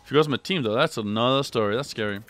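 A young man commentating his own gameplay on a live stream, swearing, trash-talking and yelling when excited. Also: mid-range voice, very fast, slight background noise. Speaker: gaming streamer.

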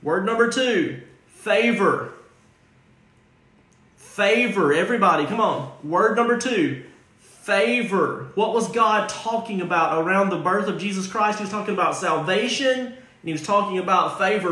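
Male pastor, sermon delivery, unhurried and insistent, reverberant sanctuary sound. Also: high-pitched, expressive, sharp tone. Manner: emphatic, repeats phrases and calls out listeners by name.

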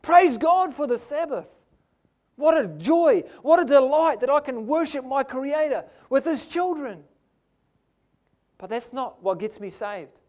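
A man's voice: very high voice, animated, measured pace, a little mellow. A man with a New Zealand accent preaching a sermon in a church, emphatic and asking the congregation "amen?".

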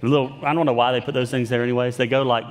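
A man delivers a sermon in an easygoing, conversational way, poking fun at himself and often restarting his sentences. His pitch sits at an ordinary middle height. The sound carries a long reverb from a large church hall. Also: little pitch movement, very fast. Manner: conversational, self-deprecating humor, frequent restarts. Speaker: pastor. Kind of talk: sermon with storytelling. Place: church sanctuary.

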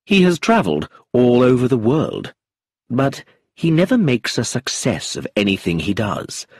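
A man voicing a fond, anxious middle-aged husband who talks in an earnest, gentle way in a storybook reading. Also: mid-range voice, huge pitch swings, a little slow, breathy edge, no room sound, clean studio sound, exaggerated voice.

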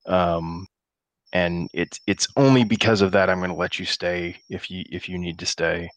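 A man's voice: deep voice, fairly even intonation, moderate pace, dry recording, natural voice. A man voicing a stern tavern-keeper father.

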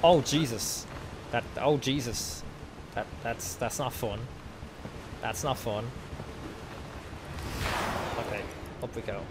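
A young man giving excitable let's play commentary, swearing a lot at the game. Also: mid-range voice, slow pace, pauses often, very noisy. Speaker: gaming video host. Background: game music.

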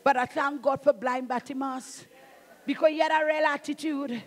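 A middle-aged woman pastor with a Trinidadian accent, preaching a sermon in an emphatic, fervent way, calling out to the congregation and breaking into shouts. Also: high voice, fairly even intonation, normal speed.

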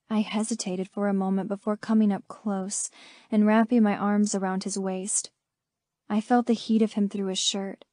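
On a close studio mic with no room sound, a woman with a medium-pitched voice narrates an audiobook. The first-person text is scripted, and she reads it in a measured, steady way.

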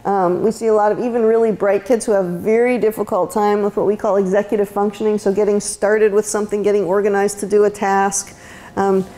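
A woman's voice: medium pitch, flat delivery, fairly quick, mellow. Chatty woman giving a lecture. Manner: conversational, many ums and restarts. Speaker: autism educator. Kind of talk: university lecture talk. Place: lecture room.

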